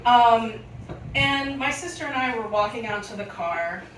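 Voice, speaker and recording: A young adult woman telling a funny story live on a club stage, animated and often laughing as she acts out voices. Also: on the high side, measured pace, a little hiss or hum. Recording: echoey room, from far off, audible ambience.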